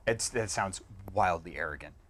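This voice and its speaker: Kinda low guy, sheepish and self-deprecating. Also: moderate pace, fairly bright tone.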